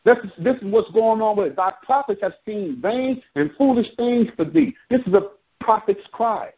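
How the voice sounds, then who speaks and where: A street preacher with a high, husky, expressive voice reads scripture at a moderate pace, then drops into casual, slangy commentary between verses. The recording is lo-fi.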